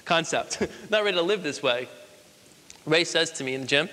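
A man giving a motivational speech, telling stories with energetic, emphatic delivery in a large hall. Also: a little high, moderate pace. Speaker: motivational speaker. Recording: long hall reverb.

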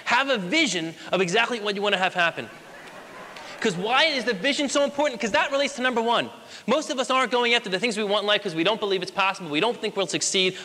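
A motivational speaker in his late twenties, his voice sitting high with a sharp tone, addresses an audience in a large hall. He's emphatic and asks rhetorical questions, and long hall reverb is heard.

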